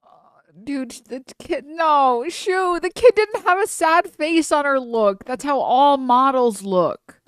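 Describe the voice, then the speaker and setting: A woman's voice: high voice, lively intonation, slow, dry recording, clean studio sound. A woman streamer chatting casually as she reacts to a video, rambling with many fillers and nervous laughs.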